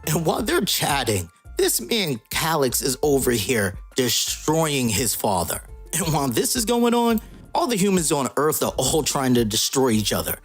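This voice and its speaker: A man recapping a comic book story in a casual, slangy way with joking asides. His voice is husky and mid-pitched, with faint music in the background. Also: big pitch swings, normal speed.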